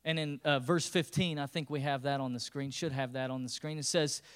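A man's voice: medium pitch, fairly even intonation, brisk, fairly bright tone, clean tone. A man preaching a sermon as the pastor, retelling scripture in a casual, humorous way with playful character voices.

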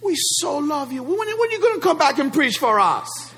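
A man imitating an excited older church lady with an island accent, gushing as she greets him. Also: quick pace, breathy edge, long reverb tail, exaggerated voice. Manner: gushing, exclaiming, high and fluttery.

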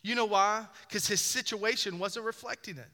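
High bright-voiced guy preaching, repeats stuff for punch, long reverb like a big church hall. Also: normal speed. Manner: preaching with rising emphasis and repeated phrases. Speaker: pastor. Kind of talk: sermon.

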